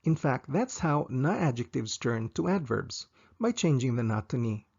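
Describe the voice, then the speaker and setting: A man teaching a language lesson, saying each example slowly and repeating it twice. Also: medium pitch, sing-song, vocal fry, darkish tone, slightly rough, highs cut off.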